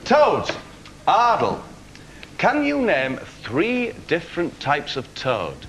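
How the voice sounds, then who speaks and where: A man's voice: on the high side, huge pitch swings, takes it slowly, a crowd in the background. A man hosting a comic quiz show, announcing in a playful, mock-dramatic way. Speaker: game show host. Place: TV studio. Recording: echoey studio with loud noise.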